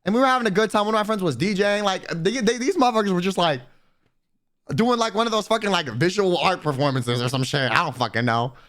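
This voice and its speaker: A young man, a streamer, telling a profane, animated story in casual chat and quoting people in put-on voices. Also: high voice, fast talker.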